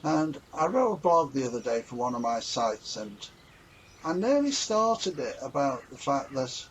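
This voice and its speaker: A man's voice: mid-range voice, big pitch swings, a little slow, highs cut off, slight background noise. A man talking earnestly and a little ramblingly in a casual reflective vlog. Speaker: vlogger.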